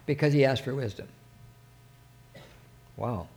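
High-voiced earnest male preacher. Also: lively intonation. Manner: earnest, halting, many restarts and asides; reads scripture with rising fervor. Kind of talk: informal sermon with scripture reading.

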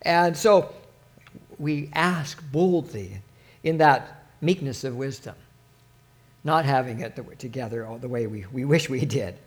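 A man preaching an informal sermon, reading scripture with rising fervor between halting, earnest asides. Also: mid-range voice.

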